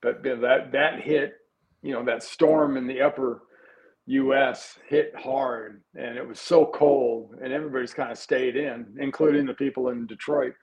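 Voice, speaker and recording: Halting older man, former player on radio. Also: medium pitch, steady tone, darkish tone, lo-fi sound. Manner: halting, many restarts, easygoing. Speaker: former player, guest analyst. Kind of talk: sports talk radio chat.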